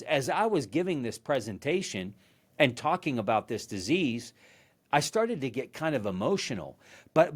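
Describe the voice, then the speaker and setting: A man hosting a podcast, giving a motivational leadership talk in an earnest storytelling manner, often restarting and repeating words. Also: medium pitch. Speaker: podcast host.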